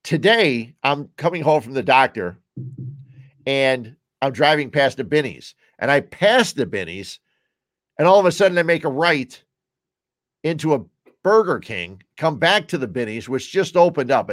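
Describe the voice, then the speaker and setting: With a beer in hand at home, a man with a Chicago-area accent hosts his own podcast, casually hopping between topics. His medium-pitched voice is animated and moves at a normal speed, and the studio-quality recording has no echo.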